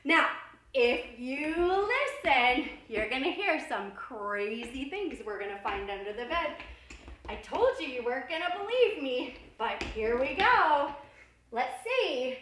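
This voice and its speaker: A woman with a high, lively voice leads a children's tap dance lesson, cheerfully counting out the steps and encouraging the kids at an unhurried pace. She sounds roomy and set back from the mic, with loud music playing behind her. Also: distant mic, slight background noise.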